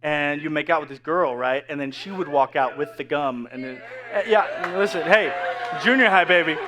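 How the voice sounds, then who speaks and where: A man's voice: a little high, normal speed, noisy background. A man in his thirties preaching a casual, joking sermon full of asides to the congregation. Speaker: pastor. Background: faint crowd.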